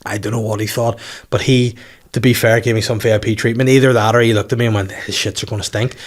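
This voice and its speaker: A man hosting a comedy podcast, telling stories quickly and swearing often. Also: lowish voice, steady tone. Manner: rapid storytelling, loud swearing. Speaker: podcast host. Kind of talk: casual comedy chat.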